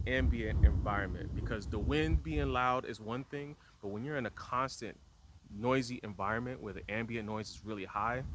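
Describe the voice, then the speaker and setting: A man records a casual outdoor vlog with the camera at arm's length, raising his voice to carry over the wind. His pitch sits in an ordinary middle range. Steady gusts of wind noise roar around him. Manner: talks loudly to be heard over wind. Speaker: vlogger testing microphones. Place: outdoors in strong wind near a tripod. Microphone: camera mic held at arm's length.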